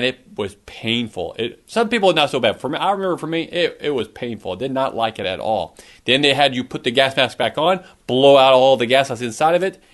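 Here the pastor, a middle-aged man, has a mid-range, slightly bright voice. His sermon is earnest, he questions his listeners, and a cough breaks in from time to time.

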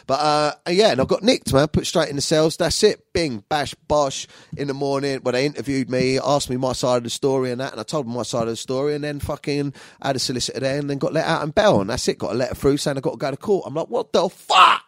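A man tells a personal story straight to his viewers, swearing freely and piling on slang. His voice sits at an ordinary pitch, and the recording is dry and close. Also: quick pace, no room sound. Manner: animated, profane, slangy storytelling. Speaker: vlogger. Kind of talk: storytelling monologue.

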